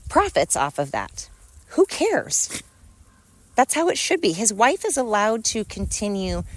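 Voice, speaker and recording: A woman's voice: mid-range voice, a little hiss or hum. A woman hosting a solo podcast, ranting with indignation and mocking her critics through sarcastic rhetorical questions. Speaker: podcast host. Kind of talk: opinionated solo podcast monologue.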